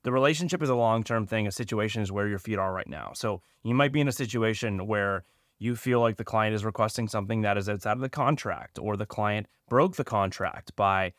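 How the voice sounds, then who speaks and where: A man's voice: fairly low pitch, brisk, a bit bright, no room sound, studio quality. A man co-hosting a podcast, laying out tips step by step in an emphatic, casual way. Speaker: podcast co-host. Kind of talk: casual advice chat.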